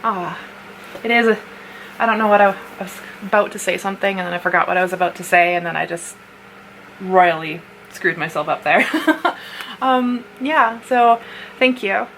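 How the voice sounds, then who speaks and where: A woman's voice: medium pitch, normal speed, long pauses, fairly bright tone. A young woman from North America chatting casually as she unboxes a gift box, often laughing and squealing at cute things. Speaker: vlogger. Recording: noisy home recording.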